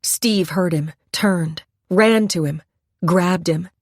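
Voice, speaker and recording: A woman's voice: lowish voice, slow pace, no echo, studio quality. A woman narrating a suspense audiobook in a tense, dramatic reading.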